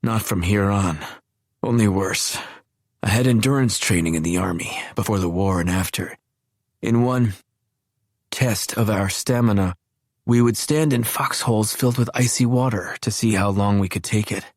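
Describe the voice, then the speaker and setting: Male narrator doing a dying old gent, deep, dry and sly. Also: moderate pace, no room sound. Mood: weak, ashamed. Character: frail dying old man, wry and sly.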